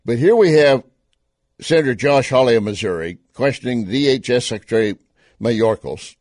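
A man's voice: mid-range voice, expressive, moderate pace, a little mellow, no room sound, clean studio sound. A man with a Texas accent giving sarcastic political commentary on video clips. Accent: Texan. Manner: sarcastic, scornful.

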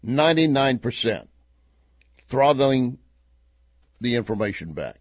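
Animated husky-voiced male talk radio host. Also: mid-range voice, unhurried, no echo. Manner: animated storyteller, chuckling asides. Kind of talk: casual talk radio commentary with a told joke.

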